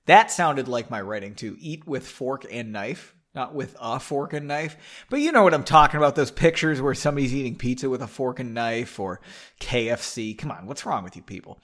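A man's voice: medium pitch, lively intonation, moderate pace, fairly bright tone. A man hosting a podcast, reading his own novel aloud with playful, self-mocking asides to listeners. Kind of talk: casual story reading with joking asides.

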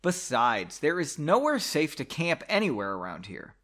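A decisive, practical young woman in a storybook who speaks firmly, as a man reading aloud puts her on. The voice is bright, with wide swings in pitch. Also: wildly swooping pitch, normal speed, exaggerated voice.

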